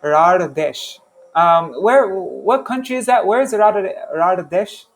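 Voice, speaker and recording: A man teaching an informal class in a voice pitched a touch high, talking in a loose, chatty way. He interrupts himself often and says sounds again and again so students can copy them, with a faint hiss of noise behind him. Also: lively intonation, normal speed, gravelly. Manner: chatty, self-interrupting, repeats sounds to demonstrate. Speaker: language teacher. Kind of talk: casual online class.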